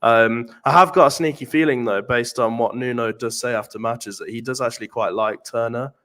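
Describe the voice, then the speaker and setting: A man's voice: medium pitch, brisk, fairly bright tone. An English man talking earnestly and repeating himself as he thinks, in a casual chat on a live fan stream. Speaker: panelist on a fan show.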